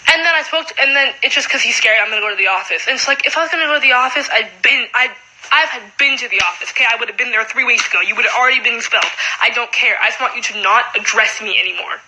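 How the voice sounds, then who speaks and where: A young woman in her late teens, a high school student, venting in a casual vlog with frustrated talk full of "like.". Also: expressive, a little fast, sharp tone, rough recording.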